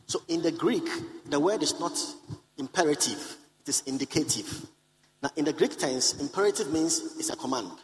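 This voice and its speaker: A man's voice: mid-range voice, rough recording. Man preaching with insistent repetition. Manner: repeats key lines for emphasis; calls out to the congregation. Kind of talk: sermon to a live congregation. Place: conference hall.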